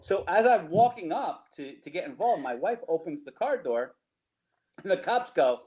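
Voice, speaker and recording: A middle-aged man with a New Jersey accent tells tailgating stories over slides in a casual, animated way, often laughing and tagging lines with "right?". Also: high voice, moderate pace, poor audio. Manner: animated, laughing, repeats himself, rhetorical "right?". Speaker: storyteller guest.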